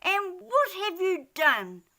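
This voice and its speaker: A woman doing a squeaky, scolding little dormouse. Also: lively intonation, slow pace, exaggerated voice. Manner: scolding, shouting. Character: tired, cross little male dormouse.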